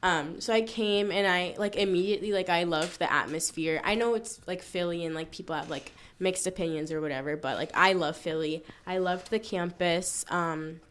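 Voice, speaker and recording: Young woman from Florida, athlete guest, easygoing chatty delivery, slightly low voice. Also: normal speed, few pauses, fairly bright tone, a little hiss or hum. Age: young adult. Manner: casual, filler-heavy, frequent "like". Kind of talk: casual interview chat.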